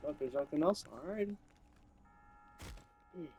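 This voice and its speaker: A young man hosting his gaming channel, giving chatty, excitable commentary with playful asides. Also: a little high, a little slow, slight background noise, poor audio. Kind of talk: casual gameplay commentary.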